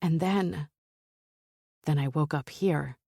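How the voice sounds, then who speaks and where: Low, mellow woman narrating a novel. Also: slow, gravelly, slightly rough, dry recording, studio quality. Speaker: audiobook narrator. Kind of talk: first-person romance novel narration.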